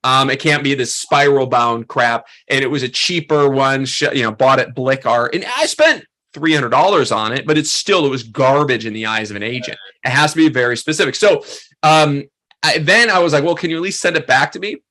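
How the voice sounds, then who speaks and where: A man in his thirties teaching a photography workshop, telling a story in a loose, animated way with lots of fillers. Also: mid-range voice, normal speed. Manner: animated, acts out quoted voices, many fillers. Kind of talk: casual storytelling to a workshop group.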